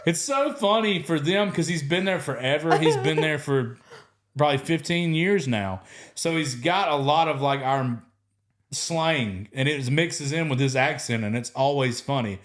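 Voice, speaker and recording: Man, podcast host, chatty rambling storyteller, voice sits a bit high. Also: unhurried. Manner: rambling storyteller, laughs through his stories. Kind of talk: casual storytelling chat.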